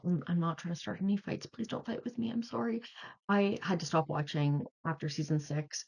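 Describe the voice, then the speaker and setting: A young adult vlogger tells a story in a loose, rambling way, filling sentences with "like". The voice sits at a middle pitch. The audio is slightly dull and lo-fi. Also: darkish tone, breathy edge. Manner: rambling, chatty, heavy use of "like". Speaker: video creator. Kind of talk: casual storytelling vlog.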